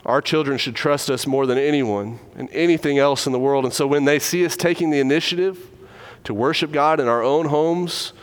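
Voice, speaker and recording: A man's voice: a little high, clean tone. Earnest middle-aged man preaching. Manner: earnest, measured, stresses key words. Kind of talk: sermon. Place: church building.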